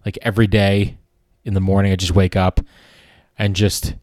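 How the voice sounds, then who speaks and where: Low-voiced man rambling on a podcast. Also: level tone, normal speed, a little mellow, dry recording, clean studio sound. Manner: rambling, sardonic, swears freely. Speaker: podcast host. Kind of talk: casual comedic monologue.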